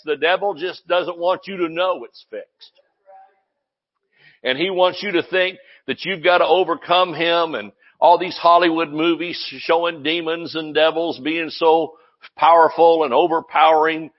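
A male pastor preaching a sermon in a lively way, breaking into laughs and hallelujahs. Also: fairly high pitch, lo-fi sound.

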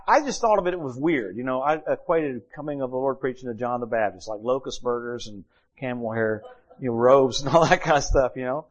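A middle-aged man preaching a sermon, reading Bible verses and telling stories with lively humor. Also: mid-range voice, muffled recording.

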